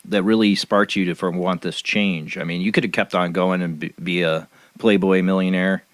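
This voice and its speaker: A man's voice: sits low, steady tone, normal speed. A man from the United States, the host of the show, chatting casually and bluntly with joking asides and stammered restarts. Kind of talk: casual interview chat.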